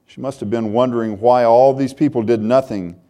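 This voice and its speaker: A man's voice: mid-range voice, steady tone, fairly quick, dark tone. An older man preaching a sermon, reading a story aloud in an earnest, heartfelt way.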